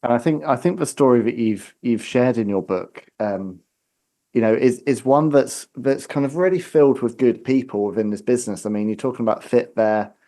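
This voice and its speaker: A man hosting an interview, asking measured, searching questions. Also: medium pitch, mellow. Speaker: interview host.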